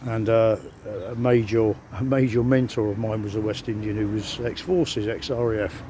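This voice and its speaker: A man's voice: on the low side, steady tone, moderate pace, mellow, slight background noise. A middle-aged man, talking to his phone camera in a casual, rambling monologue full of hesitations and self-mocking humor. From England. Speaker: vlogger.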